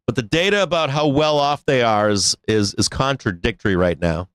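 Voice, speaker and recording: A man's voice: mid-range voice, normal speed, clean tone, no echo. A man hosting a live stock market show, ranting bluntly with swearing, laughs and restarts. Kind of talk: casual live-stream rant.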